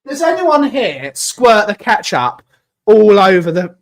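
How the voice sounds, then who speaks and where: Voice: medium pitch, sing-song, unhurried. A host in a casual live-stream chat, ranting emphatically with strong opinions.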